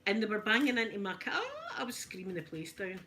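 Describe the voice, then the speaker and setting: A Glaswegian woman in her fifties, chatting softly in an ASMR video while ironing, telling lively stories and answering viewers in broad Scots. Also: medium pitch, brisk. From Scotland. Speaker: ASMR creator. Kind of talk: soft-spoken ASMR chat while ironing.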